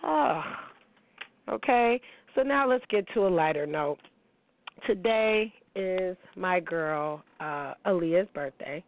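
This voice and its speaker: A woman's voice: fairly low pitch, slow pace, no echo. A middle-aged woman hosting a radio talk show, speaking in a blunt, profane, confrontational monologue. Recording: dry, narrow phone-like sound.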